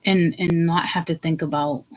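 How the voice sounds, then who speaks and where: A woman vlogger ranting to her viewers, blunt and profane, swinging from hushed asides to loud outbursts. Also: sits low, fairly even intonation, moderate pace, poor audio. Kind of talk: ranting to camera.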